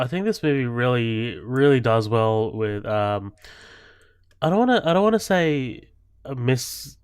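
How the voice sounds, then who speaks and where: Man with a smooth voice, stammering jokes. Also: medium pitch, no room sound, clean studio sound. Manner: halting, stammering, jokey asides. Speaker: podcast co-host. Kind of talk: casual movie chat.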